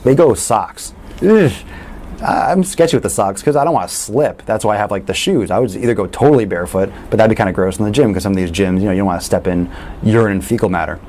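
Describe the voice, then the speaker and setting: A man coaching fitness in a casual question-and-answer talk, blunt and animated, swearing freely. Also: fairly low pitch, slight background noise.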